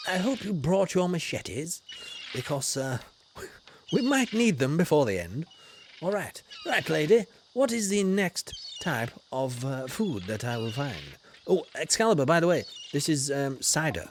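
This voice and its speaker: A man streaming a game slips into a theatrical, old-fashioned gentleman explorer persona and greets his chat by name. His voice sits a touch high and leaps up and down in pitch as he talks. A faint hiss stays under the whole recording. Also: sing-song, unhurried. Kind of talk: live game commentary in a role-play persona.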